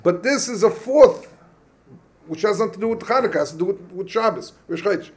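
A man's voice: sits high, lively intonation, fairly quick. A man teaching a Talmud class, thinking aloud, asking the class questions and often restarting.

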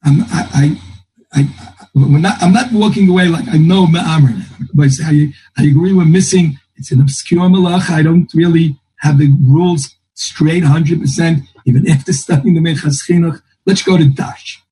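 A man's voice: on the high side, moderate pace, warm tone, husky, low-quality recording. A man teaching a Talmud class, thinking aloud and quoting texts in a lilting singsong. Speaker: Torah teacher.

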